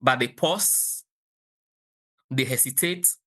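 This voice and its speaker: Stuttering man with a bright voice. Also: mid-range voice, slow pace. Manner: stutters with repeated sounds while thinking aloud. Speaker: audience member asking a question. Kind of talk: asking a question in an online Q&A.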